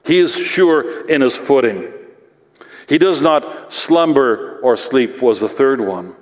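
A man preaching a sermon at a mid-range pitch, reading scripture and then talking it through earnestly and plainly. His voice carries a long reverb, as if from a church sanctuary. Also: animated, takes it slowly. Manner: earnest, reads scripture aloud then explains it conversationally. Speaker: pastor.

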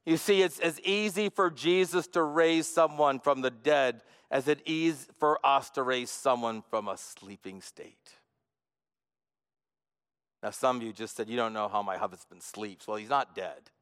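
A man preaching a sermon as a pastor, earnest, moving between hushed and emphatic delivery. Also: mid-range voice, steady tone, measured pace, clean tone. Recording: long reverb of a large hall.

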